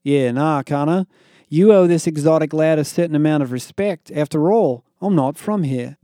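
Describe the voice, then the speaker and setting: A man voicing an excitable teenage boy from New Zealand with a New Zealand accent, bantering cheekily in an audio fiction reading. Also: on the high side, moderate pace, no room sound, clean studio sound, pitched above the performer's own voice, lightly acted. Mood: cheeky banter.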